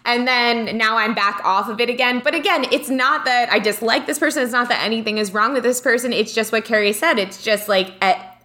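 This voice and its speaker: Bright-voiced young woman podcast host. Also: a little high, fairly quick. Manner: animated, reads out listener comments. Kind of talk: casual spiritual chat.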